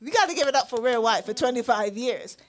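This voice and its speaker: A woman's voice: on the high side, expressive, fast, background noise. A woman hosting a live-streamed talk show, bubbly and chatty with frequent laughter. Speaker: host. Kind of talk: casual live-stream chat. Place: indoor studio.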